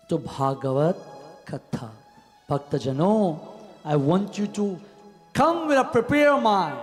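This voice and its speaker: A high-pitched man preaches a devotional sermon as a pandit in a temple hall. He often sinks into a low murmur on repeated refrains. His voice carries a long reverb, with faint music underneath.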